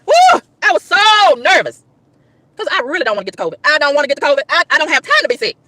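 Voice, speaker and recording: A woman's voice: high-pitched, big pitch swings, rapid-fire, pushed and bright, no echo. A woman vlogger telling an exasperated story, exclaiming and repeating lines for emphasis, recorded in a car. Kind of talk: animated storytelling rant.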